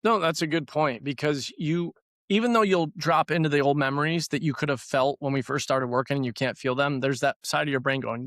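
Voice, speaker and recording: A man with a gravelly, creaky voice explains his therapy work in a casual podcast chat. He talks conversationally and often repeats words for emphasis. The sound is close and dry, with no room echo. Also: on the high side, fairly even intonation, a little fast, fairly bright tone. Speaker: trauma therapy practitioner.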